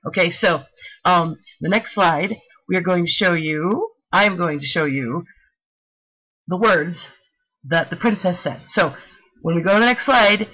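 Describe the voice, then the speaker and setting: A woman presenting a talk with slides, telling a story in a playful, animated way with slangy, jokey asides. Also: mid-range voice, rough recording.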